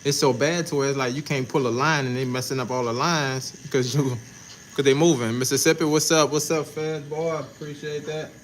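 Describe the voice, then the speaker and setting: A tattoo artist from New Orleans, Louisiana, speaking with a local accent in a medium-pitched, steady, brisk voice, chats on a livestream while working in his shop. Laid-back and slangy, he greets chat viewers. The low-quality recording has a little hiss or hum.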